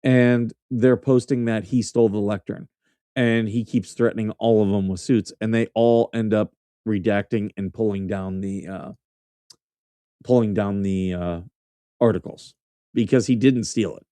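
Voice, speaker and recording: Guy hosting a casual news show, blunt and mocking, swears a lot, mellow dark voice, dry close sound. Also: on the low side, fairly even intonation, unhurried, no echo. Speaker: host. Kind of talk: casual commentary on news clips.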